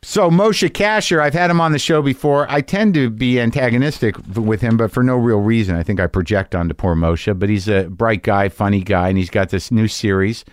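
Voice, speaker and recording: A middle-aged man from New Jersey hosting a casual interview chat in a garage studio, talking in a wry, needling way with halting restarts. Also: fairly low pitch, clean tone, no room sound. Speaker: podcast host.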